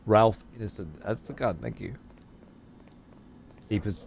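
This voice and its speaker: A man's voice: on the low side, expressive, moderate pace, gravelly, long pauses. A man streaming a game, chatting casually and swearing freely while answering his chat. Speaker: let's play streamer. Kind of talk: casual gameplay commentary.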